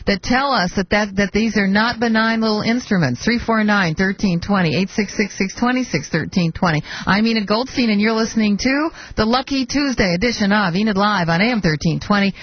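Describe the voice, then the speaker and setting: A woman's voice: medium pitch, fairly quick, hardly any pauses, dry recording. Opinionated woman talk radio host. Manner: opinionated, firm, talks over callers. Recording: muffled lo-fi broadcast audio.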